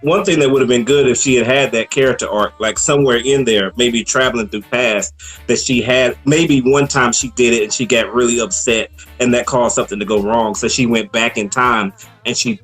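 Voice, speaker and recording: A man co-hosting a casual movie review chat, relaxed and laughing often as he acts out lines from the film. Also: medium pitch, normal speed, soft background music.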